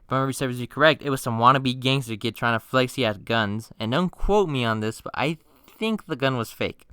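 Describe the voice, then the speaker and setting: A young man telling funny stories on his channel in a slangy, swearing casual style, with bursts of mock-outraged yelling. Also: mid-range voice, a little fast, smooth, no echo, clean studio sound. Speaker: storytime youtuber. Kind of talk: casual storytime narration.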